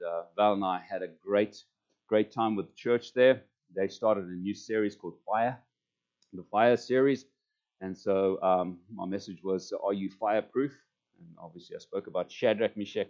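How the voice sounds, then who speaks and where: A man's voice: lowish voice, a little mellow, highs cut off. A man speaking as a pastor, giving rambling, chatty announcements to his congregation. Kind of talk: church announcements.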